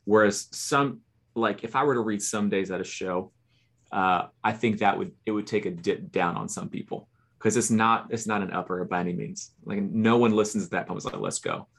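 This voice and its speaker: A fairly low-voiced man, earnest and a bit halting, talking over his poems in a casual podcast. He restarts his sentences often as he feels his way. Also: vocal fry, a bit bright. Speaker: poet and podcast co-host.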